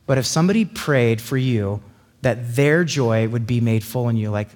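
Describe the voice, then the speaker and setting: This preacher speaks in a mid-range voice, keeping his sermon conversational, chatty, and lively. To illustrate ideas, he often performs quick little voices.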